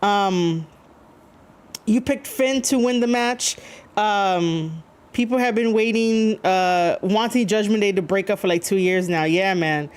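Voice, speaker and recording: A woman's voice: medium pitch, takes it slowly, clear, resonant tone. A woman streaming live, chatting casually to her viewers with many fillers, rambling and reading chat messages aloud. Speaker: streamer reacting to wrestling.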